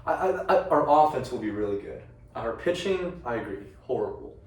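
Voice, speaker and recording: A man's voice: mid-range voice, lively intonation, a little fast, a little mellow. A young man co-hosting a casual sports podcast, talking eagerly with stammering restarts. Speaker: podcast co-host. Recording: distant mic in an echoey room.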